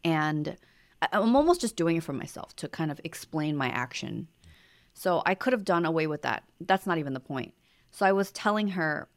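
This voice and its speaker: Podcast co-host, woman, low voice, soft-spoken storyteller. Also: expressive, normal speed. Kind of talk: casual conversation.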